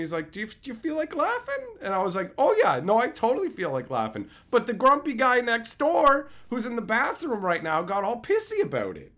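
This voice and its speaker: Animated, high-pitched streamer man. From Canada. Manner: animated, profane ranting. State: loopy after medical sedation. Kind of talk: casual livestream chat.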